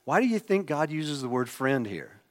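A man preaching a sermon, emphatic, swinging between loud exclamations and hushed asides. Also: a little high, sing-song, normal speed. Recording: long hall reverb.

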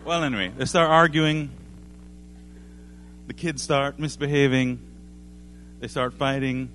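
A man's voice: mid-range voice, steady tone, a little slow, fairly bright tone, soft background music. Man preaching, casual and rambling, plenty of ums, medium voice. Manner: rambling storyteller, many fillers. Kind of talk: sermon.

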